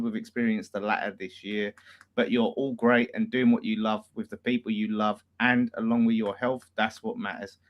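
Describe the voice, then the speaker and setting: A man hosts a casual post-match fan chat on his channel, reading viewers' super chats aloud and laughing often. He's chatty, with a fairly low-pitched voice and a fairly bright tone.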